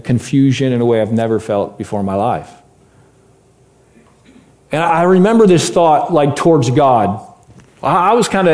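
A man in his late thirties, an animated preacher telling a personal story to a congregation and swinging from loud to hushed. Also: mid-range voice.

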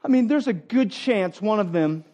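A man preaching a sermon who speaks as a parent and coach, repeating phrases for emphasis and swinging between loud emphatic stretches and soft low asides. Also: animated, normal speed. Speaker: pastor.

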